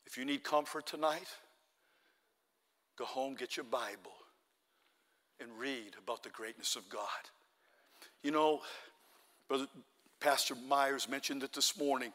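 A man preaching a sermon in a church, telling Bible stories with lively acted-out voices and rising to shouts at the high points. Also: unhurried, pauses often. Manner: animated storytelling, acts out Bible characters, shouts at peaks. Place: church hall. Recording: long reverb of a hall.

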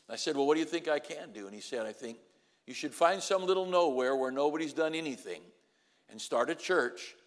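Preacher man in a long-echoing hall. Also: mid-range voice. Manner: swings from quiet storytelling to loud, rising exhortation. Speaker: pastor. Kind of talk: sermon.

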